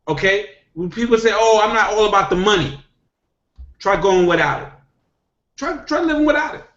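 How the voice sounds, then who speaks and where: A man's voice: sits high, a bit bright. A middle-aged man giving a motivational talk on a video call, emphatic and repetitive, punctuating his points with "okay?". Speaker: network marketing distributor. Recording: echoey, dull lo-fi video call.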